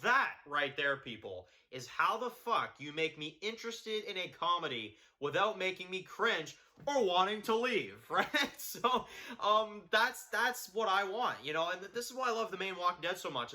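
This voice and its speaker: A man's voice: high-pitched, bright, forceful tone. A man giving a blunt, profane, heated video review of a TV show.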